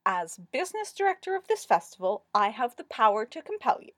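A woman's voice: fairly high pitch, big pitch swings, measured pace, husky, dry recording, clean studio sound, full character voice. A woman voicing a firm, no-nonsense female festival business director in a story reading. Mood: stern. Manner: firm, sternly patient.

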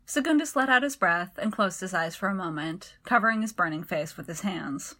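A woman narrating a story in an even, clear storytelling manner. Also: lowish voice, brisk.

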